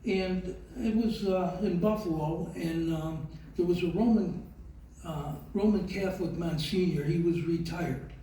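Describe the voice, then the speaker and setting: An older man, speaking slowly and haltingly with many fillers as he tells a heartfelt personal story in an award speech. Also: high voice, mellow, a little hiss or hum. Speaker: award recipient giving a speech. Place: large event hall. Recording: very echoey hall, voice from far off.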